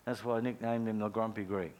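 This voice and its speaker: A middle-aged man preaching a sermon, telling stories earnestly, with lively bursts and quiet, near-whispered prayers. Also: lowish voice, fast talker. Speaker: pastor.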